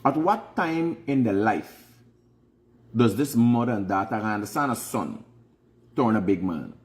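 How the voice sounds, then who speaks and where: A man's voice: on the low side, animated, unhurried. Frank Guyanese man giving life advice. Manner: frank, preachy, repeats phrases for emphasis. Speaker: host. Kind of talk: casual advice monologue.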